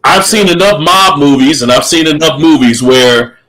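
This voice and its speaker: A middle-aged man with a fairly high speaking voice, talking through his opinions on a casual podcast. He circles back on his points, repeats himself and laughs easily. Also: moderate pace, a bit bright, rough recording. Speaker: podcast co-host. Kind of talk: casual chat.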